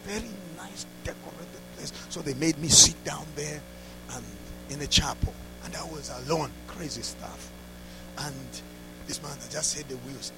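A man preaching a sermon through a story, dropping to hushed asides and rising to loud exclamations. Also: a little high, normal speed, noisy background. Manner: laughs between lines.

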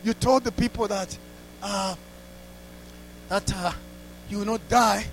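A man preaching a sermon through a story, dropping to hushed asides and rising to loud exclamations. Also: high voice, fairly even intonation, slow, slight background noise, low-quality recording. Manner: laughs between lines.

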